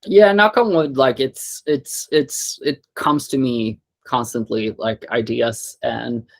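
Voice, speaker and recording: A young adult man from Sweden, a guest musician in a casual interview, talking in halting bursts with many fillers and restarts. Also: medium pitch, fairly even intonation, vocal fry.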